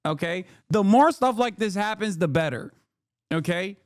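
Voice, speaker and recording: A man's voice: sits high, normal speed, no echo, clean studio sound. A man reacting to a clip on a live stream, ranting, swearing and laughing in mockery. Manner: animated, swearing, laughing, mocking.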